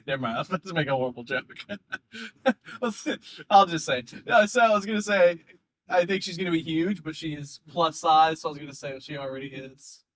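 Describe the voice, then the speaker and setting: A man, a comedian, telling an animated, rambling story in casual podcast chat, laughing often. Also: on the high side, fairly quick. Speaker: comedian guest.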